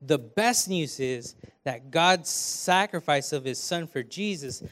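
A young man gives a sermon in a church, his voice sitting a bit high for a man. He preaches earnestly but conversationally, throwing in friendly asides to the congregation. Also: lively intonation, slow pace, fairly bright tone. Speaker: preaching student. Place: church hall.

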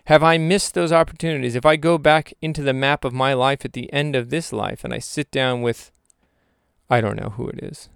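A man's voice: medium pitch, normal speed, creaky, fairly bright tone, smooth, dry recording, studio quality. A young man rambling through a reflective vlog monologue, questioning himself aloud with jokey asides. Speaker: vlogger.

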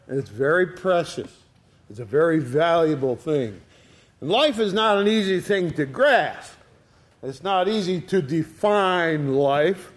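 An older retired man preaching a sermon in a folksy storytelling way, giving quoted lines a dramatic reading. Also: on the high side. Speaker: pastor.

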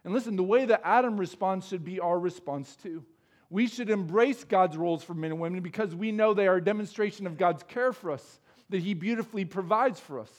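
A man's voice: high voice, a little fast. A man preaching a sermon, earnest and explanatory, asking his listeners rhetorical questions. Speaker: pastor.

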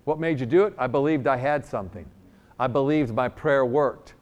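The recording cuts off the highs as a middle-aged man from New York, medium-pitched and moderately paced, preaches a sermon. He jokes his way through an animated healing story, taking on both roles in the conversation.

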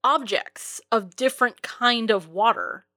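A woman's voice: on the high side, expressive, unhurried, pushed and bright, no echo, studio quality. Chatty woman from New England. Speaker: podcast co-host. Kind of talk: casual movie discussion chat.

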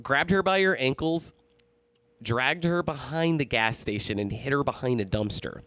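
A man's voice: mid-range voice, lively intonation, moderate pace, fairly bright tone, no room sound. Man telling a rambling, profane story. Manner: profane, rambling, with many fillers and restarts. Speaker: storyteller on a podcast. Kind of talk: casual spoken storytelling.

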